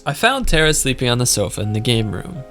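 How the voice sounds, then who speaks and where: A man's voice: medium pitch, sing-song, fast talker, fairly bright tone, faint music behind. A young man narrating a game let's play, laughing often and mocking his own reading. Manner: giggly, self-mocking. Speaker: gaming video creator.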